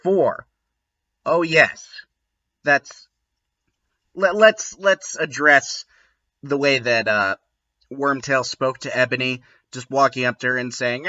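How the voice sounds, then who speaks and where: A man giving comedic commentary with sarcastic, wry asides. His delivery is slow and unhurried, with a very bright, sharp tone. The recording sounds dull and lo-fi. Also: medium pitch. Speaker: host reading and mocking a fanfiction.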